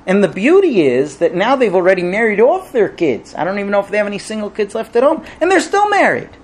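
A man teaching a religious class to a live audience, telling stories and acting out the characters with big jumps in his voice. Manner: animated storyteller, acts out characters with big pitch jumps. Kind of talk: Torah class with told stories.

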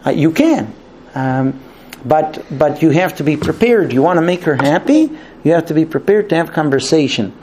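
Animated man teaching a marriage class. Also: a little high, normal speed, slight background noise. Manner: animated, acts out both sides of dialogues. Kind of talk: lecture to a class.

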